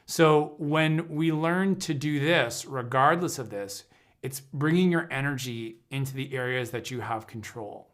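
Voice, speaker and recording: An earnest man of medium pitch gives a reflective talk to a livestream audience. He speaks as an intuitive counselor, often breaking off and restarting his sentences while he searches for how to put a thought. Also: unhurried, a bit bright. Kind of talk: reflective spoken teaching on a livestream.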